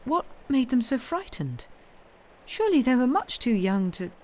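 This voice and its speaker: Woman doing a frail invalid wife, all breathy and gushy, voice goes up high, storybook reading. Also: sing-song, moderate pace, a little mellow. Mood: puzzled. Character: delicate invalid English wife, adoring.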